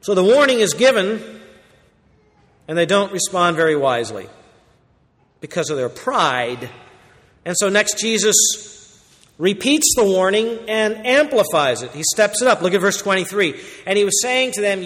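A man preaching a verse-by-verse sermon, swinging between loud emphatic warnings and quiet low asides. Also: very animated, normal speed, pauses often, in a large hall. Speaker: pastor. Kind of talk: expository sermon.

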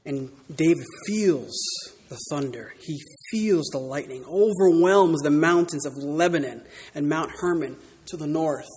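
A man preaching a sermon in church, dramatic, swinging from loud declarations to hushed words. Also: fairly high pitch, unhurried, in a large hall, a little hiss or hum. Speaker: pastor.

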